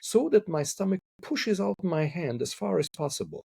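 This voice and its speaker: A man's voice: high-pitched, sing-song, moderate pace, creaky, darkish tone, husky, no echo. A man from Hungary who speaks English as a second language, a couple therapist talking thoughtfully in a podcast interview and repeating words as he searches for them.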